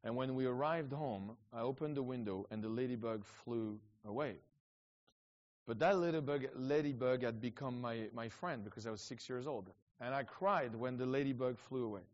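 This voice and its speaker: A middle-aged man tells stories in a rambling, animated way, with many restarts and quick asides. His pitch sits in the middle of the male range. The recording sounds a little dull and muffled. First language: French. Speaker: evangelist guest. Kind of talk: casual storytelling talk.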